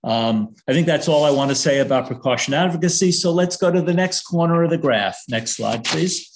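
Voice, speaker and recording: Halting older man lecturing with slides. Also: fairly high pitch, a little hiss or hum. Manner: hesitant, many "uh" fillers and restarts, dry humor. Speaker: risk communication consultant giving a lecture.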